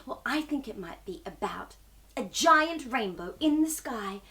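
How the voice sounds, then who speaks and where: A woman's voice: a little high, animated, unhurried, sharp tone, a little hiss or hum. A young woman hosting a children's storytime, bubbly and sing-song, talking to young viewers as if they answer back.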